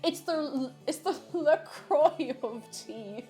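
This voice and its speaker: A woman's voice: sits high, expressive, slow, warm tone, faint music behind. A woman chatting casually while baking live in her kitchen, laughing often and reading out chat messages.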